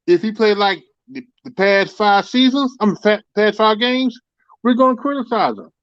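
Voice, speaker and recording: A man's voice: high voice, animated, moderate pace, no echo, lo-fi sound. A man calling in to a casual sports talk show, making his points emphatically and repeating words as he builds them.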